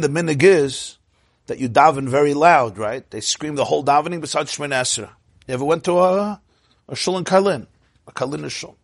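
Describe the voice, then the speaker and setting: A man giving a lively storytelling talk, laughing often and shouting out his punchlines, with Yiddish and Hebrew phrases mixed in. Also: a little high, vocal fry, husky, no room sound, clean studio sound. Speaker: Torah speaker.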